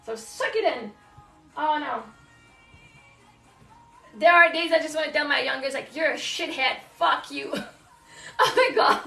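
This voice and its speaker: A woman's voice: high-pitched, expressive, measured pace, creaky, pauses often, sharp tone, roomy sound, far from the mic, soft background music. A woman venting candidly about motherhood in casual live-stream chat while folding laundry at home, swearing and laughing often. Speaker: live streamer, single mom.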